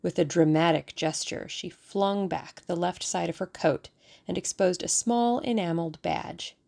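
A woman narrating a novel as an audiobook, in a measured and expressive storytelling manner. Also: lowish voice, vocal fry.

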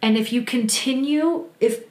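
Animated woman co-hosting a faith podcast. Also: a little high, unhurried. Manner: animated, acts out little quoted voices. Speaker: podcast co-host. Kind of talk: casual faith podcast chat. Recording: echoey room with faint hiss.

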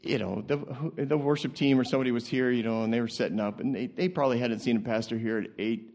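Animated male pastor preaching. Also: mid-range voice, quick pace. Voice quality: animated, laughing, repeats words when excited. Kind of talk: sermon. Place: church sanctuary.

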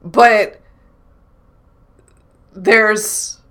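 Woman, intuitive channeler, solo reflective talk, bright clear tone, halting and self-questioning. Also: medium pitch, fairly even intonation. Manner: thinks aloud, self-questioning, frequent restarts.

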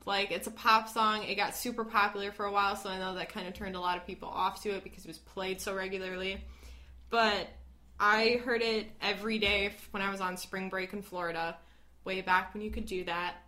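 A woman's voice: medium pitch, steady tone, fairly quick, pushed and bright. A young woman with a Midwestern accent co-hosting a podcast, chatty and full of "like". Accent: Midwestern American. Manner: chatty, laughs often, lots of "like". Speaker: podcast co-host. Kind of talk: casual chat.

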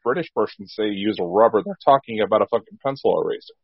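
An American man in his twenties chatting on a podcast, with quick joking asides and crude humor. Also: on the low side, very animated, gravelly, husky, no echo. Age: 20s. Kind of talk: casual chat. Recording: dull lo-fi sound.

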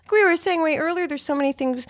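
A woman guest on a podcast, talking in an animated, rambling way with lots of fillers and casual swearing. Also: sits high, fast, no room sound, studio quality. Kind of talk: casual interview chat.

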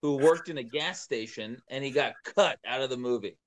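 An easygoing man chatting with a co-host in a loose, casual way. He tells his side with a joking, relaxed manner and an average pitch. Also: moderate pace, a little hiss or hum. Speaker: radio show host, co-host. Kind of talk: casual chat.

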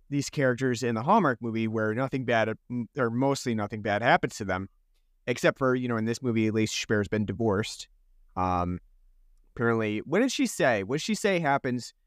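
Male podcast co-host, mid pitch, dry close sound, rambling sarcastic movie chat. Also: lively intonation, fairly quick, no echo. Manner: rambling, sarcastic, restarts phrases. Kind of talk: casual movie review chat.

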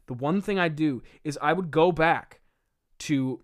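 A man's voice: on the high side, unhurried. A man in his twenties reading his own old play aloud, with exasperated, self-mocking commentary and frequent laughing.

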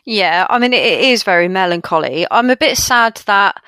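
A woman co-hosting a podcast, chatting about a film in an animated way, full of fillers like "you know" and "like". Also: mid-range voice, normal speed, clean tone, no echo. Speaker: podcast co-host. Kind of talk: casual film discussion.

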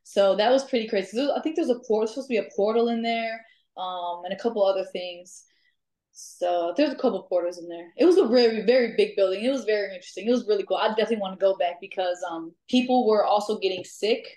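A woman guest telling ghost-hunting stories in casual chat, lively, laughing often and filling pauses with "um". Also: medium pitch. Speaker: guest, amateur ghost hunter. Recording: echoey room.

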